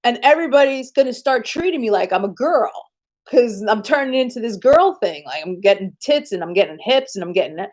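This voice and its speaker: A woman chatting on a live stream, telling animated, profane stories with frequent laughs. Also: fairly high pitch, brisk. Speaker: livestreamer. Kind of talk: casual live-stream chat and storytelling.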